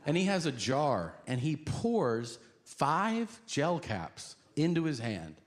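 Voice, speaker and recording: A man doing stand-up, telling a profane story in an animated way with sudden shouts. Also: a little high, takes it slowly. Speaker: stand-up comedian. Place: comedy club stage before a laughing audience. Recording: live audience laughter and crowd noise.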